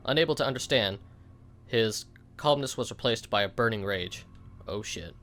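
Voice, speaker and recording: A man's voice: fairly low pitch, lively intonation, normal speed, fairly bright tone. Young man reading game text with quips. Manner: casual, joking, reacts aloud. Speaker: let's play host.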